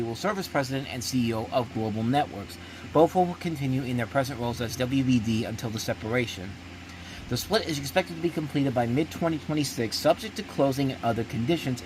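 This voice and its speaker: A man's voice: mid-range voice, slight background noise. Sarcastic male host reading entertainment news. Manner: reads news aloud with sarcastic asides and frequent restarts. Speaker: show host. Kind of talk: casual news commentary.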